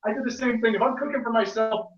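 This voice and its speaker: A man's voice: very high-pitched, fairly even intonation, fast. A man chatting casually on a video call, talking loosely and swearing. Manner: casual, profane. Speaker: guest. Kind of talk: casual live-stream chat. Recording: distant roomy lo-fi call audio.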